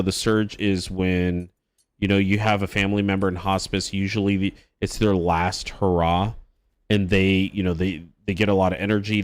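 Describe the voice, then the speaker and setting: A man's voice: low voice, dry recording. A man streaming live, telling a personal story in a rambling, casual way with restarts and swearing.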